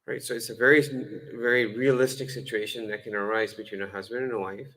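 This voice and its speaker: A fast-talking Islamic lecturer with a lowish, steady, slightly bright voice preaches a lecture-style sermon in a humorous, conversational manner. He frequently uses fillers and corrects himself, restarting words, and changes voices to act out dialogue. The recording quality is low.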